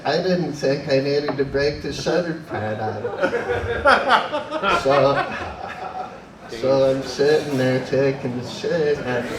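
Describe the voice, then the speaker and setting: A man doing a rambling open mic comedy set, halting and full of fillers. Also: mid-range voice, very animated, a crowd in the background. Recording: echoey room, distant camera mic, noisy.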